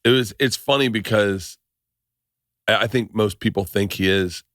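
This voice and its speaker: Man, podcast host, lowish voice, loud storyteller, dry close sound. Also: normal speed, no echo. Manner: loud, animated storyteller, acts out quotes. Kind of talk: casual chat.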